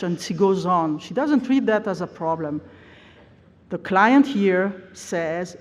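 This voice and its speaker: A woman delivers an academic plenary lecture, explaining examples step by step. She often pauses on "uh" as she searches for words. Her voice carries a long reverb from a large hall. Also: fairly low pitch. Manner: frequent uh hesitations, explanatory.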